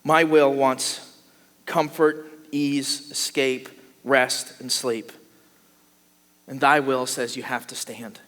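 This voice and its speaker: A man preaching a sermon as a pastor, animated, acting out the voices of the people he describes. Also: mid-range voice, takes it slowly, long pauses. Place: church sanctuary. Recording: long hall reverb.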